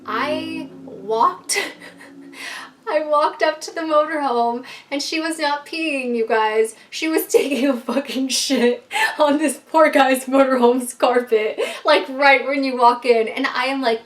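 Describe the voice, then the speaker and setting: A woman vlogger telling a casual storytime to her viewers, animated, full of fillers and swearing. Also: high voice, slow pace.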